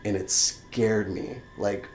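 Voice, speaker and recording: A young adult man, a podcast guest, telling a story in casual chat, animated and swearing freely, acting out his own shouts. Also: on the low side, slow. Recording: echoey room, faint background noise.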